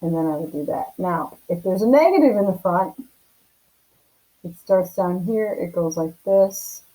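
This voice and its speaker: A woman's voice: lowish voice, expressive, a little slow, dark tone, poor audio. A woman teaching a math lesson on video from home, explaining casually and often checking in with "right?".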